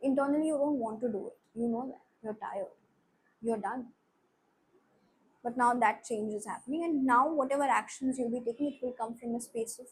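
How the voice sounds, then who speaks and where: A young Indian-accented woman speaks to her viewers in an earnest, reassuring way, slipping between English and Hindi as she gives a spiritual reading. Her voice sits fairly high, with a faint hiss of noise in the background. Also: moderate pace, poor audio. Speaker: tarot reader.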